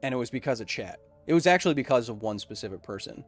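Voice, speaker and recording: A man's voice: medium pitch, lively intonation, fast talker, faint music behind. A young man hosting a casual livestream podcast, reading chat messages aloud in a rambling, caffeinated way. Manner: rambling, self-described super caffeinated.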